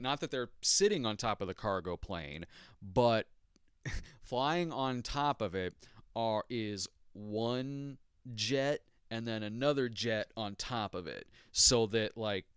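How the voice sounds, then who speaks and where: A man's voice: mid-range voice, clear, resonant tone, no echo. A tired man hosting a podcast, chatting loosely about movies with laughs and fillers, close to the mic. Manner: animated, laughs between thoughts, loose fillers. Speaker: podcast host. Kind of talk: casual rambling movie chat.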